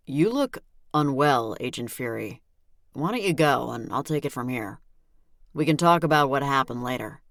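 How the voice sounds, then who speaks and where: A calm, puzzled small-town police chief asks questions in a low voice, as a woman reads him. The reading is close and dry. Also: moderate pace, dry recording. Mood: questioning.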